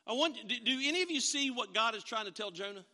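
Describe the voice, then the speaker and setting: A man preaching a sermon, telling a family story with animated, acted-out quotes. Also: very high voice, fast, in a large hall. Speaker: pastor.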